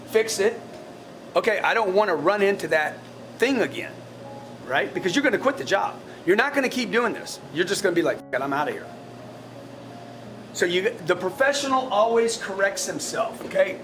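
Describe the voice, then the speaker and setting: A man with a fairly high-pitched voice lectures a room of salespeople in a blunt, profane way. He stumbles over repeated words as he pushes his point, and a faint hiss sits under the recording. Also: lively intonation, moderate pace. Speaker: sales team leader coaching his staff. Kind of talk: blunt motivational coaching talk to a team. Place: in front of a live group of staff.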